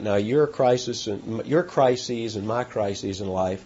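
A man preaching a sermon with animated delivery, his pitch jumping up for emphasis, with halting restarts. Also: slight background noise. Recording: dull lo-fi sound.

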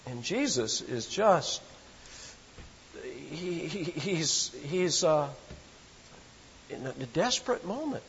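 A man's voice: a little high, sing-song, long reverb tail, muffled recording, slight background noise. A man preaching an expository sermon, reading scripture aloud and dwelling on key words with dramatic emphasis. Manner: slow, dramatic emphasis with sudden swells.

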